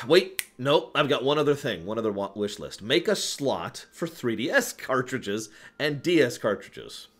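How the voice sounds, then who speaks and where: A man answering viewer questions on a casual live stream, rambling, correcting himself and chuckling as he goes. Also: lowish voice.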